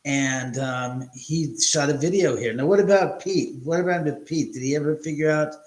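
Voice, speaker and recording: Man hosting a live stream, casual storytelling, slightly high voice, echoey room. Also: moderate pace. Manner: animated storyteller, swears freely. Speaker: host.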